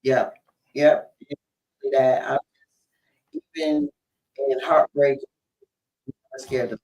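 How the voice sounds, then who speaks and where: Male guest, slow and reflective, swooping up and down in pitch. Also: wildly swooping pitch, gravelly, darkish tone, rough recording. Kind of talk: casual chat.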